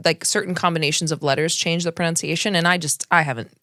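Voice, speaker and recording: Female co-host, lowish voice, relaxed giggly banter, dry close mic. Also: quick pace, no room sound. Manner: easygoing, laughing, with fillers like "like". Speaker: podcast co-host. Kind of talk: casual chat.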